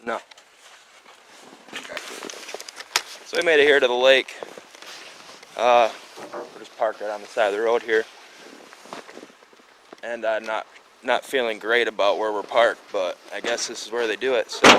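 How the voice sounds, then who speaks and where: A man's voice: mid-range voice, background noise. A man from Michigan hosting a fishing vlog, talking in an easygoing, chatty way full of fillers, recorded on a camera mic outside by a rural lake. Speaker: fishing show host. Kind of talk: casual outdoor vlog chat.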